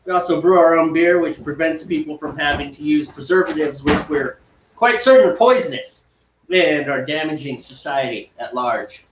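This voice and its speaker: A man's voice: on the high side, animated, normal speed, noisy background. A man hosting a homebrew livestream, chatting casually and teasing with playful exaggeration. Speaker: homebrewing host. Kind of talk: casual banter while brewing. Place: home brewing space. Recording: distant roomy lo-fi livestream audio.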